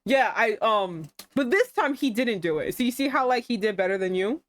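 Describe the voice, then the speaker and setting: Animated woman streamer reading a game aloud. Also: on the high side, moderate pace, no room sound. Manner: animated, swears freely, sarcastic asides.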